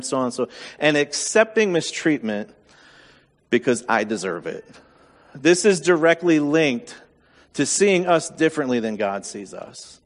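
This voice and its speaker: A man's voice: a little high, very animated, measured pace, in a large hall. A man preaching a sermon as pastor, candid and self-deprecating in a conversational way.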